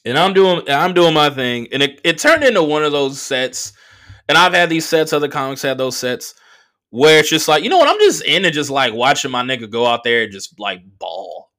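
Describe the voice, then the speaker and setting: Brief: male comedian-host, bright voice, lively swings in pitch, profane and rambling. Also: normal speed. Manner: profane, animated, lots of fillers. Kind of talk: casual storytelling monologue.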